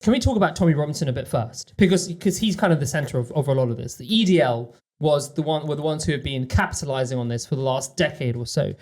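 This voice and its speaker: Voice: mid-range voice, darkish tone. A podcast co-host who asks probing questions and often chimes in with agreement. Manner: quick, probing questions, frequent backchannel agreement. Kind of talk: conversational podcast discussion.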